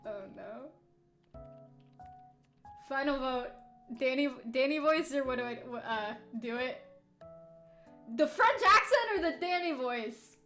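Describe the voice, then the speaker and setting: A woman streaming a game, chatting casually and giggling, often dropping into soft, quiet asides. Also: high voice, animated, slow pace, pauses often, soft background music. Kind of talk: casual let's-play commentary.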